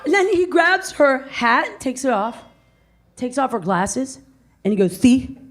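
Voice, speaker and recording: A woman's voice: high-pitched, measured pace, background noise. A woman doing a brash, profane stand-up set on a comedy club stage, into a handheld mic. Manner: brash, profane, animated storytelling. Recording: live club audience laughing. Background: crowd laughing and cheering.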